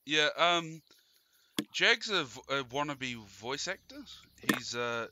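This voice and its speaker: A man's voice: a little high, big pitch swings, slow pace, noisy background. A man with a New Zealand accent hosting a gaming channel, chatting casually and laughing often while he plays. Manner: giggly, jokey, laughs often. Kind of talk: casual chat while playing a game.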